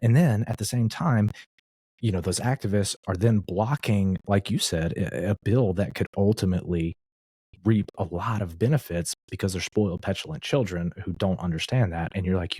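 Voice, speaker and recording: An American man speaks in a very deep, husky voice on a podcast. He backs up his co-host bluntly with casual swearing, recorded dry and close. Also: moderate pace, mellow, dry recording. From United States. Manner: agreeable, blunt, profane. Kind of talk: casual political chat.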